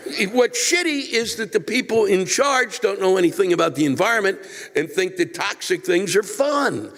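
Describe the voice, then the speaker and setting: A man's voice: high voice, lively intonation, moderate pace, a bit bright, long reverb tail, a little hiss or hum. An older man, a comedian, ranting with profanity and exasperated outbursts while answering a viewer letter.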